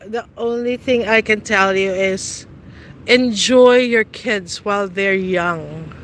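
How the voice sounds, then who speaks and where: A woman's voice: a little high, fairly bright tone, slight background noise, low-quality recording. A middle-aged woman in casual, teasing chat with live viewers outdoors, laughing often. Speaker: vlogger. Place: outdoors on a city street.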